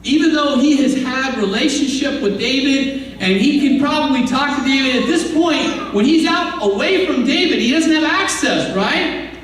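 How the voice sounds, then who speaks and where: A man's voice: extremely high pitch, lively intonation, moderate pace, a bit bright. A man preaching a sermon as pastor, telling the story conversationally with asides and acted-out voices, in a church sanctuary. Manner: acts out quoted voices. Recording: echoey hall, distant mic, faint room noise.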